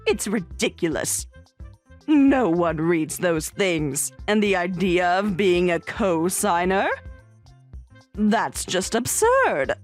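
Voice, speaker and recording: Entitled mother in a story drama, indignant and insistent, slow delivery with swinging pitch, a woman acting it. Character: entitled middle-aged mother, indignant and blaming. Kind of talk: voiced story narration drama.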